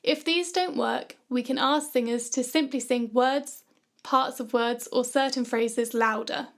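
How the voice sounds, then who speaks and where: A woman narrating a scripted music production tutorial in a calm, clear, instructive way. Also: on the high side, unhurried.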